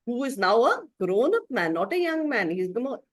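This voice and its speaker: An expressive woman teacher narrating a moral story to a class, pausing now and then to clear her throat. Her voice sits a little high. The sound is close and dry. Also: dry recording. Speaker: spiritual teacher. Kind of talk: storytelling talk.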